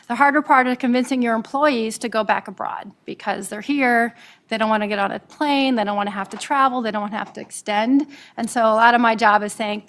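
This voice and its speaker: A woman from Nebraska, an immigration attorney, presenting a webinar quickly with frequent "um"s and repeated words. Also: a little high, steady tone, fairly bright tone. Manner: fast-talking, with frequent fillers and repeated words. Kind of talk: professional presentation.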